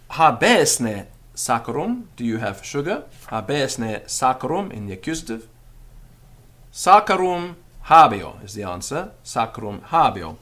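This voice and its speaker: In this spoken lesson, a Latin teacher takes his time, patiently repeating example phrases for practice. His voice is animated, moving up and down in pitch as he goes.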